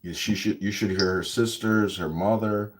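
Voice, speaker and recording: A man with a fairly low voice tells rambling stories in casual chat, filling them with likes and you-knows. His voice carries a roomy echo. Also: fairly even intonation, moderate pace, a little hiss or hum.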